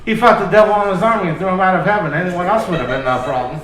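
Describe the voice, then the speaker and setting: A man's voice: sits high, rapid-fire, a bit bright. A man performing a loose, profane, self-deprecating stand-up comedy set on a club stage. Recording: echoey club with crowd laughter. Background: audience laughter.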